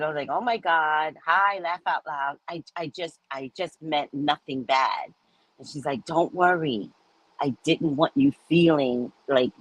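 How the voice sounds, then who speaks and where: A woman's voice: low voice, slightly rough, no room sound, rough recording. A woman hosting a live stream, chatting casually and telling stories with frequent laughter. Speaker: host of live readings.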